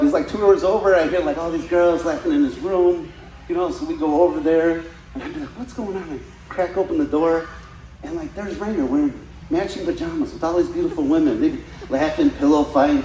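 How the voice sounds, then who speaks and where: Guy doing a comedy set at a party, kinda high voice, echoey room, faint background hum. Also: dark tone. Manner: storytelling with frequent "like" and "right?". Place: party venue with guests. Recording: roomy echo, mic from a distance, faint room noise.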